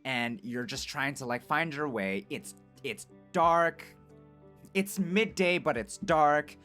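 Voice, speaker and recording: A man streaming, telling an improvised story to his chat in an animated, rambling way full of "right?" and "like". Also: a little high, slow, soft background music.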